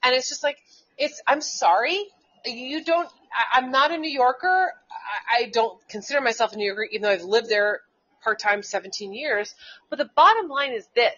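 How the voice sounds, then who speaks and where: A fairly high-voiced woman rants on a talk show, stumbling over her words, restarting again and again and swearing when angry. The sound is dull and lo-fi, like cheap internet radio. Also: lively intonation, moderate pace, fairly bright tone. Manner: heated, rambling, many restarts and swearing. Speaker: co-host; schoolteacher. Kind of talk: casual political talk.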